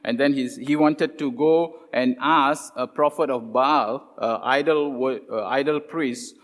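A man delivering a sermon with a voice of middling pitch, heard in a large hall where his words ring out with a long reverb tail. He retells scripture stories casually, slipping into animated voices for the characters and pausing often on "uh". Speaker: preacher.

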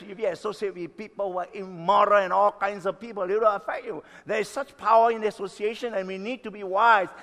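A pastor in his sixties preaching a sermon, emphatic, stretching key words slowly and swinging between loud and soft. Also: high voice. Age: 60s. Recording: long reverb of a hall.

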